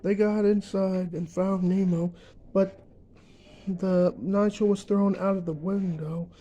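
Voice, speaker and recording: A young man ranting in a vlog, emphatic and repetitive, filling pauses with uh and um. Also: sits high, fairly even intonation, mellow, lo-fi sound. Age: young adult. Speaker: vlogger.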